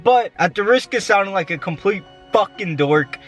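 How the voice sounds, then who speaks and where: A man's voice: high voice, lively intonation, normal speed, fairly bright tone, soft background music. A young man, a college student, talking candidly to his phone while walking outdoors in the cold, out of breath and swearing casually. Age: young adult.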